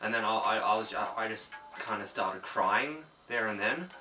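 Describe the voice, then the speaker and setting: A self-absorbed young man rambles on in a low, muttered voice, as a young man acts him out. His tone is bright and the voice sits a little away from the microphone. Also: moderate pace, reverberant, faint music behind. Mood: rambling. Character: rambling, oblivious young man stuck in a one-sided chat. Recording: distant from the mic.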